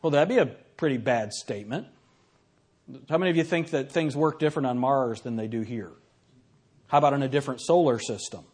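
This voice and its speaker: A man giving a classroom lecture, reading examples aloud and putting questions to his audience in an animated, conversational way. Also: mid-range voice, fairly quick, slightly rough.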